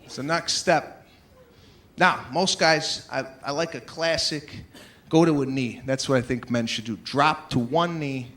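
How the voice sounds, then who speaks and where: A male stand-up comedian telling stories in an animated, exasperated way, slipping into acted-out voices. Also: fairly high pitch, unhurried. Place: large theater with a live audience. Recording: live hall recording with crowd laughter.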